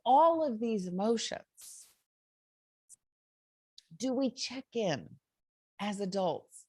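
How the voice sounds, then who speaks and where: A woman's voice: fairly high pitch, animated, slow, pauses often, a little mellow, no room sound, studio quality. A woman hosting a motivational self-help talk, earnest and conversational, with many fillers. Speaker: host.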